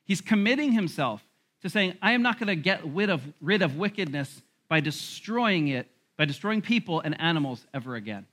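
A male pastor giving a lively sermon, with laughs and quick asides. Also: fairly high pitch. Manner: animated preaching with laughs and asides.

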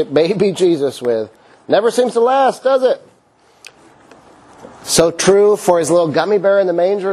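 A middle-aged man with a slightly high voice preaches in a relaxed, conversational way. He drifts into everyday stories and talks to the room like friends. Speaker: pastor. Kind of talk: sermon.

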